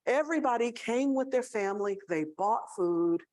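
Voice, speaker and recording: At a staff awards gathering, a college student affairs leader from Tennessee shares a story in a chatty speech, checking in with the crowd along the way. Her Southern American voice is fairly high and a little mellow, with lively intonation, a moderate pace and few pauses, recorded with no room sound.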